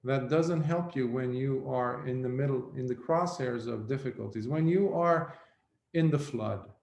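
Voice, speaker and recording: A Buddhist monk giving a reflective dharma talk, telling a story slowly with pauses. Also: male voice, mid-range voice, creaky, a little mellow. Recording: roomy echo.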